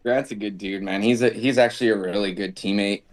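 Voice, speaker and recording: A lowish, fairly quick voice belongs to a former football kicker guesting on a podcast. He relates casual stories in an animated way, performing the quoted dialogue of their characters.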